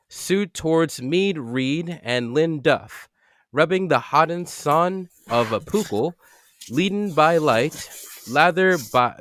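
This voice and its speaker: A man's voice: fairly high pitch, a bit bright, dry recording, clean studio sound. A man cold-reading a dense literary text aloud for a podcast, stumbling over words and chuckling at it.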